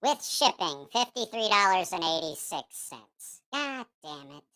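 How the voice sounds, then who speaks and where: A man's voice: high voice, very animated, unhurried, bright, forceful tone, clean tone, pitched above the performer's own voice, heavily acted. A man voicing a grumpy, foul-mouthed childlike puppet character while chatting on a livestream, grumbling and swearing. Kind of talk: livestream chat in a put-on voice.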